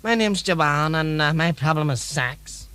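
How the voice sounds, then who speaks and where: A crude, deadpan woman from the audience, played by a man. She has a bright tone, a slightly high voice, in a comedy sketch. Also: unhurried, clean tone. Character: randy woman caller with a sex problem.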